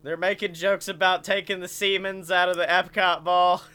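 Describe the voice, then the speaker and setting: A man co-hosting a podcast, excitable and swearing often in casual chat. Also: sits high, moderate pace, clean tone. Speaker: podcast co-host.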